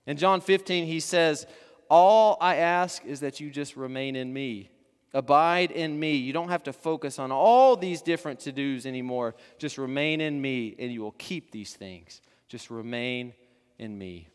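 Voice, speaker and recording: Preacher, male, fairly high voice, fervent builds with hushed drops; church hall reverb. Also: a little slow, smooth. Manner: rising to fervent emphasis, then dropping to soft hushed endings. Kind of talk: sermon.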